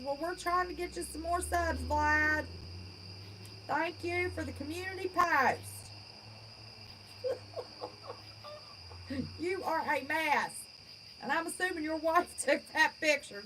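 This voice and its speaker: Reading viewer comments on her livestream, a West Virginia woman in her fifties talks bluntly and folksily, never holding back. Her voice is high-pitched and unhurried with frequent pauses, and there's background noise.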